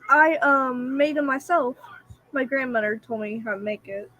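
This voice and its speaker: A woman's voice: high-pitched, normal speed, sharp tone, no room sound, pitched below the performer's own voice. A woman voicing Max, a shy young visitor bringing homemade cookies, hesitant and full of ums.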